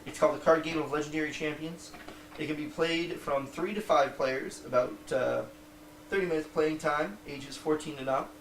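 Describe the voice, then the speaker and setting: A man's voice: on the high side, steady tone, moderate pace, fairly bright tone. A man co-hosting a podcast, chatting casually about board games with lots of fillers and restarts and the odd swear word. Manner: rambling, many fillers and restarts, swears freely. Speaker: podcast co-host. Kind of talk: casual board game review chat. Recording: roomy distant mic with faint background noise.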